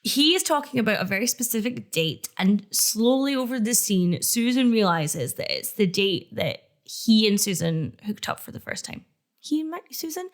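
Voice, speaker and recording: A young woman co-hosts a chatty podcast, with a somewhat high voice that leaps around. She laughs often and slips into quoted lines as she tells the story. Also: very animated, moderate pace. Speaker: podcast co-host. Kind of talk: casual chat recapping a TV show.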